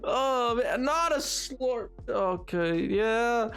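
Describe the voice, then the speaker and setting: A man streaming a game live, chatting with his viewers in an excitable, playful, self-mocking way. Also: very high-pitched, very slow, clear, resonant tone, faint music behind.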